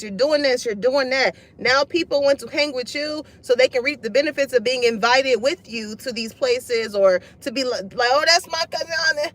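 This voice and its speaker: Woman, high voice, casual tarot reading, profane, blunt, laughs a lot. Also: low-quality recording. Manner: blunt, profane, laughs often, acts out others' lines. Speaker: tarot reader. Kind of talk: casual spoken reading to viewers.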